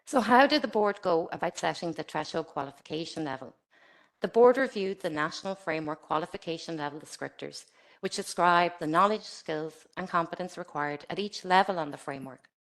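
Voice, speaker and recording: Measured woman reading a formal presentation. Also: on the low side, lively intonation. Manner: measured, formal, reads from a script. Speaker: presenter for a regulator. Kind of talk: scripted webinar presentation.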